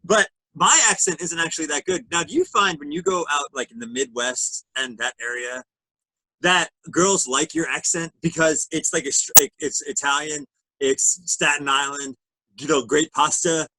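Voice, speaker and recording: A man from Pennsylvania, a co-host and musician, asking long rambling questions in a quick, self-interrupting way. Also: on the high side, bright, forceful tone, no echo, rough recording. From Reading, Pennsylvania. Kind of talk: casual interview chat.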